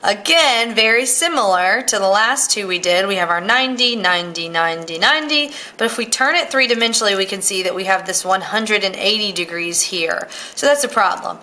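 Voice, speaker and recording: A woman teaches chemistry with a bright, tense edge to her voice. She works through each step of a model in order and keeps checking in with "all right" as she goes. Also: mid-range voice, fairly quick, few pauses. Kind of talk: explaining with a model.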